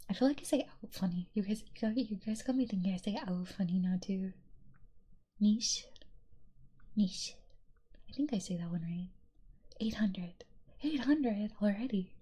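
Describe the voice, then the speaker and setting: A young woman streamer reading chat aloud in a soft, giggly whisper, in a whispered role-play style. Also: medium pitch, brisk, slightly rough.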